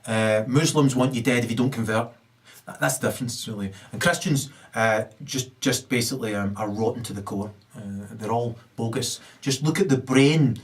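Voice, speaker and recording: A man in a rambling, ranting monologue, full of hesitations and fillers and with sudden loud rises. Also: medium pitch, normal speed, far from the mic. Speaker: video blogger.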